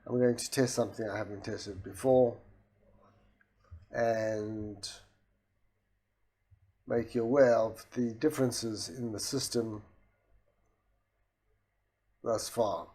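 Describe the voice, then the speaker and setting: Soft-voiced man demoing software. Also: fairly low pitch, takes it slowly, long pauses. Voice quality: soft, voice not carrying far. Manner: steady explanatory, with restarts and voice commands. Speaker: software demonstrator. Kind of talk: screen-recorded product demo.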